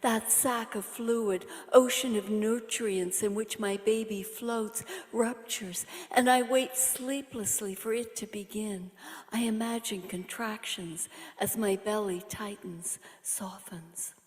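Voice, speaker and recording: A woman's voice: medium pitch, fairly even intonation, slow pace, in a large hall. A woman poet giving an intense, rhythmic reading of her own poem, often dropping to a whisper. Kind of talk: dramatic poetry reading. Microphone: online reading setup.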